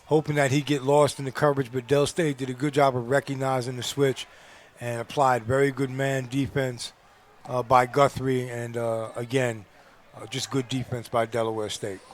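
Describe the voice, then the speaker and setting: Male color analyst, mid-pitched, steady and explanatory, coach-like breakdowns with casual fillers. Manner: measured, explanatory, frequent fillers like "you know". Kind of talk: football color commentary.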